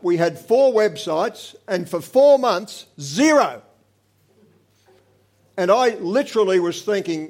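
An older man, giving an earnest personal testimony to a church congregation, swinging from animated to quiet. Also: high-pitched.

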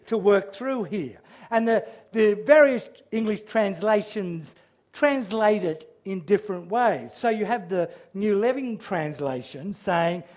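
A man preaching a sermon, earnest and measured, with frequent restarts, who raises his voice when he quotes a psalm's cries. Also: sits high. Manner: quotes scripture in a raised, crying-out voice.

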